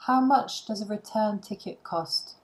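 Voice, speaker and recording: A woman reads short phrases aloud for learners, one after another, with pauses between them. She speaks slowly and carefully, at a middle pitch. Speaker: language learning reader. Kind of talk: slow phrase-list reading for learners.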